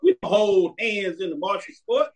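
This sports-show host is a man whose voice is high and bright, and his commentary is casual and full of opinions. Unhurried yet blunt, he hammers his point with a string of short, emphatic commands.

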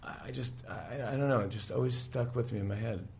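A man casually retelling a story, animated, often breaking into quoted voices, with faint room sound. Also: mid-range voice, brisk, gravelly. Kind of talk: casual chat.

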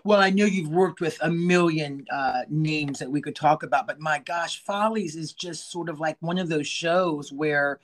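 A man with a fairly high voice hosts a casual interview podcast. He chats easily and cracks jokes with his guest. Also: moderate pace, hardly any pauses. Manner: chatty and joking. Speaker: podcast host.

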